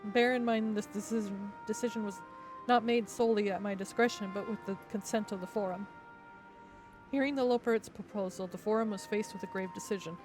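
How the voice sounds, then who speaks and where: A grave council elder who speaks in formal, measured sentences, read aloud by a woman. The pitch is ordinary, and quiet music runs beneath the voice. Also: steady tone, close to an everyday voice. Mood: solemn. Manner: formal, measured, old-fashioned phrasing. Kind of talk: reading game dialogue aloud. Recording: faint music behind.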